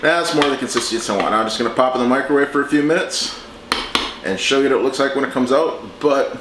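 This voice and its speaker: A man hosting a home cooking show, talking through a recipe in a relaxed, chatty way as he works in his kitchen. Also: mid-range voice, quick pace, noisy background. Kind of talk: casual cooking demonstration. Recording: echoey kitchen with clattering dishes.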